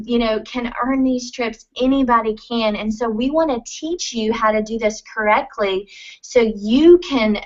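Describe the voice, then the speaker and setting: A woman's voice: a little high, a bit bright, highs cut off. An earnest, emphatic woman speaking on stage at a conference as a motivational speaker.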